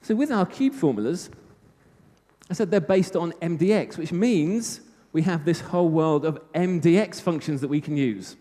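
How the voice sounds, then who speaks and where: A man's voice: a little high, moderate pace, warm tone. A British man giving a live technical talk at a conference, chatty with self-mocking humor. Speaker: conference speaker. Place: conference hall. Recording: reverberant hall.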